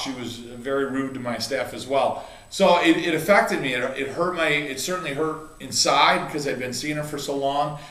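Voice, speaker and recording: A man's voice: mid-range voice, bright, forceful tone, echoey room. A middle-aged man, a chiropractor and coach, telling a heartfelt story in a rambling way, with many restarts and fillers. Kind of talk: casual video talk.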